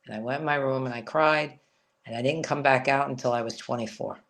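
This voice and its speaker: A woman's voice: extremely low pitch, brisk. A woman as an interview guest, telling a personal story in a frank, rambling way with lots of "you know.".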